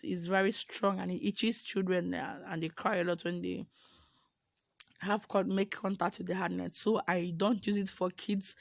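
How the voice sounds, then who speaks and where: A woman with a worn, hoarse voice leads a sewing tutorial. Her voice has a gravelly rasp and sounds close, with a dry, dead quality. She keeps checking in with a quick "okay?" between steps. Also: mid-range voice, no echo.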